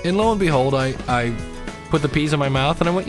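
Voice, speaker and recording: A man's voice: on the high side, fast talker, over music. A middle-aged man chatting casually in a personal vlog, rambling with restarts and cheering himself and his viewers on to keep losing weight. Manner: chatty, self-deprecating, pep-talk tone. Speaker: weight-loss vlogger.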